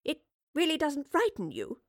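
A woman's voice: high-pitched, wildly swooping pitch, normal speed, no room sound, pitched above the performer's own voice, heavily acted. Woman reading as an educated woman time traveller, hesitant, careful, dry close sound. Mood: wondering.

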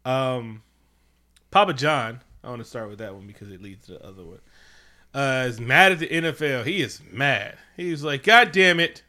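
A man co-hosting a casual comedic chat at home, animated and profane, often slipping into mocking quoted voices. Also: mid-range voice, normal speed. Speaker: podcast co-host.

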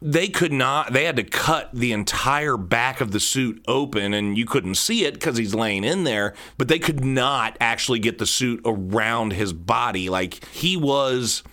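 A man in his thirties talks through a solo podcast episode. He is candid and rambling, circling back and repeating words as he goes. His voice sits at an ordinary middle pitch. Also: measured pace, few pauses, bright, forceful tone. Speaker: podcast host.

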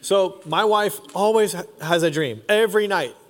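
A man's voice: high voice, normal speed. A man in his forties preaching a sermon in a casual, slangy storytelling way, recorded in a church auditorium. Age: 40s. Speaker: pastor. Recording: long reverb of a large hall.

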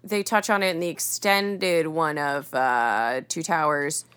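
Young woman guesting on a podcast, lots of like and um, kinda low voice. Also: steady tone, unhurried, a bit bright, smooth. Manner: laughing, knowledgeable, filler-heavy. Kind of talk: casual chat.

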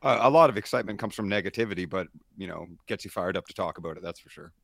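A man's voice: low-pitched, expressive, racing, vocal fry, fairly bright tone, dry recording, studio quality. A Canadian man co-hosting a sports podcast in a hyped, chatty way. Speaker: podcast co-host. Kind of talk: casual sports podcast chat.

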